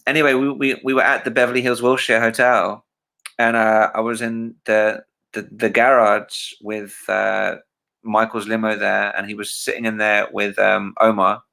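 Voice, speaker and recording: Guy hosting a livestream, bright forceful voice, rambling story with lots of ums. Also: lowish voice, gravelly. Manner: rambling, many fillers and restarts, animated when quoting. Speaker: livestream host.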